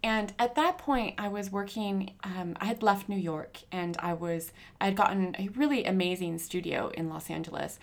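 A woman, a graffiti artist guest, talking in a relaxed, enthusiastic way in casual conversation. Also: medium pitch, normal speed, hardly any pauses.

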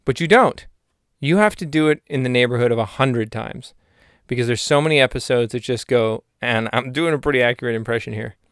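Male podcast host, rambling comedic monologue, deadpan, smooth clear voice, dry close mic. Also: mid-range voice, fairly quick, dry recording. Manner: deadpan, digressive, self-mocking.

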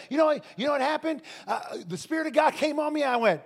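A man preaching a sermon to a congregation, telling stories emphatically and breaking into shouts and laughter. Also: very high voice, fast talker, hardly any pauses. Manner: emphatic, swings into shouting and laughter, lively storytelling. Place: church service with a congregation.

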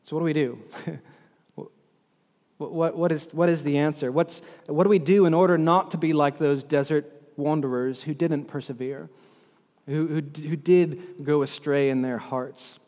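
A man's voice: a little high, fairly even intonation, moderate pace, a little mellow. A man preaching a sermon as pastor, earnest and often repeating words as he works through scripture. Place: church hall. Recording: long hall reverb.

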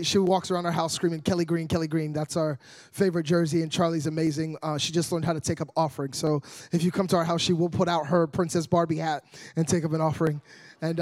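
High-voiced, lively young man preaching. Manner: energetic, joking, rises to loud preaching. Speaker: guest evangelist preacher. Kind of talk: sermon.

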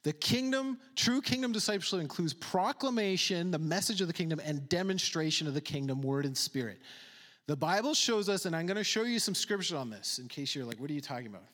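Emphatic pastor in an echoing hall. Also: male voice, fairly high pitch, lively intonation, brisk, fairly bright tone. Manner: emphatic, repeats words for stress, casual asides. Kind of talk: sermon.

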